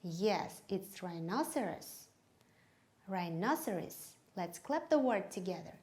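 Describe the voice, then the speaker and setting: A woman, a native Kyrgyz speaker, leading a teaching demonstration in English, drilling words slowly and clearly. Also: medium pitch, sing-song, very noisy.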